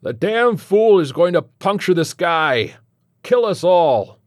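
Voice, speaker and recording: A man's voice: high-pitched, big pitch swings, takes it slowly, no room sound, studio quality, voice pushed up, exaggerated voice. A man doing a furious drunk heckler. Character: angry red-faced drunk man yelling in a crowd.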